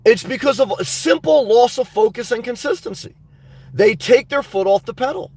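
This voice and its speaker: A man's voice: extremely high pitch, lively intonation, normal speed, a little mellow, husky. A man hosting a livestream, reading live chat aloud in a rambling, earnest way and calling his viewers guys and man. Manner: rambling, earnest, repeats words.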